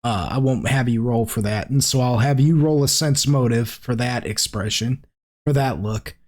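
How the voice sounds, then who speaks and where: A man's voice: mid-range voice, moderate pace, darkish tone. A man acting as game master, narrating a tabletop game in a casual, rambling way. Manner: casual, rambling with many fillers.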